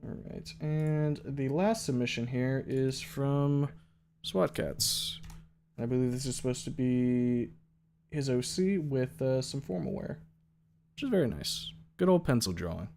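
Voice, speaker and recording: Gravelly and a little mellow, this young stream host's medium-pitched voice moves somewhat slowly over a faint hiss or hum. He chats casually, swearing freely and packing in fillers.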